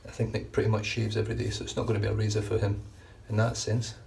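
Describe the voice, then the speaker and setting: A man talks in a low, flat, fairly even voice as he shaves, drifting from one thought to the next. He sits a little away from the microphone, and a faint background hiss runs under his words. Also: quick pace, gravelly. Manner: chatty, rambling, frequent restarts. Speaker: shaving vlogger. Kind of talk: casual running commentary while shaving. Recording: distant mic with faint background noise.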